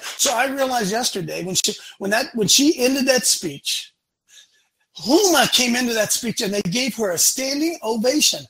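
Forceful husky man preaching bluntly. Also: extremely high pitch, lively intonation, moderate pace, rough recording. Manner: emphatic, blunt, repeats lines for punch. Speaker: show host. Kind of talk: fiery preaching talk.

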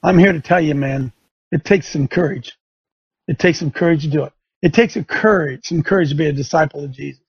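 A man's voice: on the high side, brisk, breathy edge, dry recording, lo-fi sound. A man hosting a religious talk show, preaching with sarcasm and rising fire. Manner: fiery, sarcastic, rising to shouts.

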